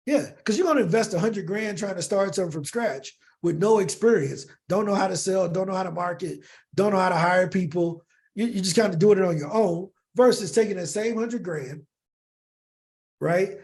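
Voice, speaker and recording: A man from the United States, a podcast guest, telling a lively story in casual slang and acting out bits of dialogue. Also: high voice, normal speed, slightly rough. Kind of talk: animated storytelling in an interview.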